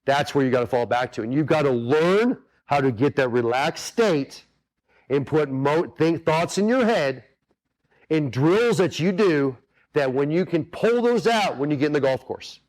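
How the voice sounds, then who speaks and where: Casting: earnest male golf coach, fairly high-pitched, chatty and repetitive, addresses the audience directly. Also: animated, a little slow, darkish tone. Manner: earnest, repetitive, talks straight to the audience with many asides. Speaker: golf instructor hosting a webinar. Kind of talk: casual coaching talk.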